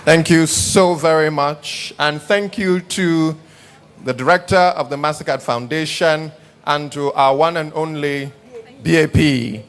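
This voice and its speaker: A man's voice: fairly high pitch, steady tone, unhurried, a little hiss or hum. A man hosting an award event, formally announcing honorees and calling for applause. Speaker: master of ceremonies.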